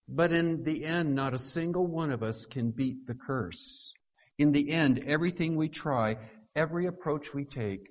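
A man preaching a sermon, pressing his points by repeating words and swinging from hushed, low lines to loud, raised ones. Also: normal speed. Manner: emphatic, repeats words for stress. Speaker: pastor. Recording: dull lo-fi recording.

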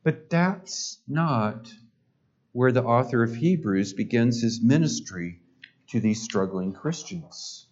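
A man's voice: mid-range voice, expressive, slow, a little mellow. A male pastor preaching a sermon, building up emphatic repeated phrases. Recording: dull lo-fi sound.

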